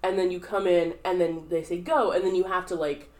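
A young woman from the southern United States chats on a podcast, her voice sitting a little low. She rambles through an anecdote, full of "like" fillers, and swings her pitch widely when she quotes people. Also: little pitch movement, a little fast, darkish tone. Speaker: podcast co-host. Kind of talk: casual chat.

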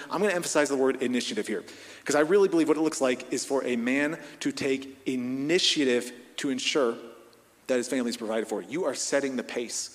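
A man in his thirties preaching a sermon as pastor, swinging from hushed, slow stretches to loud, emphatic ones. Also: mid-range voice. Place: large church hall. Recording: long hall reverb.

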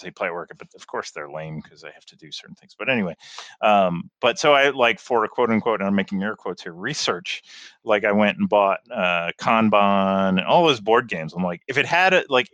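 A man co-hosting a casual round-table chat, full of fillers, quick to laugh and cut in. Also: on the low side, expressive, a bit bright, no room sound, highs cut off. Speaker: podcast co-host.

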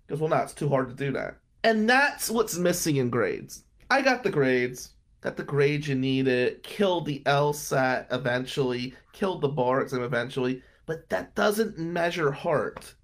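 This Atlantic City trial attorney, a man in his thirties, gives a candid interview monologue about his rough early career, blunt and full of swearing. His intonation is lively, his pace moderate with few pauses, and he swings from low and subdued to loud and heated.

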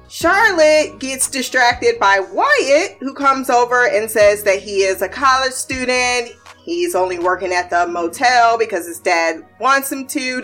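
Brief: young woman, higher voice, swears freely, casual TV recap vlogger. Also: a bit bright. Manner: blunt, profane, laughs often. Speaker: TV show recapper.

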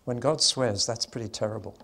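An older man giving a sermon-style Bible teaching, telling the story with emphasis and slowing down on key points. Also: medium pitch, creaky, pushed and bright. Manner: storytelling, emphatic, slows for weight.

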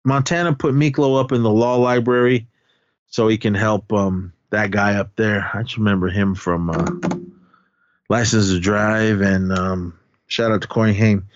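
A man's voice: on the low side, steady tone, normal speed, highs cut off, a little hiss or hum. A man hosting a podcast, casually recapping a film in a rambling way, with lots of restarts and fillers. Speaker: podcast host.

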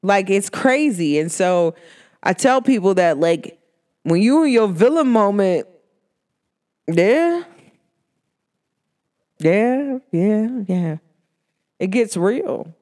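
A woman vlogger talking in a casual motivational monologue, slangy and chatty, with frequent laughs and upward pitch swoops when she gets excited. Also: slow, pauses often.

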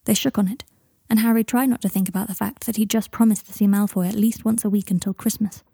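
Warm-voiced woman narrating a story. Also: mid-range voice, fairly even intonation, fast talker, creaky, husky, dry recording, clean studio sound. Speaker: audiobook narrator. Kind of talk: narrating fan fiction.

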